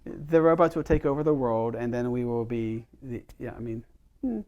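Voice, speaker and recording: A man's voice: medium pitch, normal speed, darkish tone, lo-fi sound. A middle-aged man leads a casual workshop for a small group. He talks in a chatty, storytelling way and keeps asking his listeners questions. His voice sits in an ordinary middle range. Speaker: chiropractor leading a workshop.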